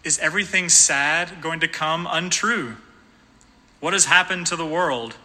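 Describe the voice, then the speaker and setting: Guy reading as a hobbit bursting with joy, breathless, high and bright, big echoey church sound. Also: measured pace. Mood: overjoyed. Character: joyful awakened male hobbit, overwhelmed with relief.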